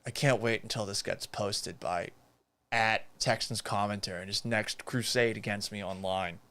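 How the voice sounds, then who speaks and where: A man's voice: fairly low pitch, steady tone, normal speed, bright, forceful tone. A man hosting a live sports talk stream, talking casually and reading out viewer comments, exasperated and swearing, and mocking himself. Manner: reads viewer comments aloud.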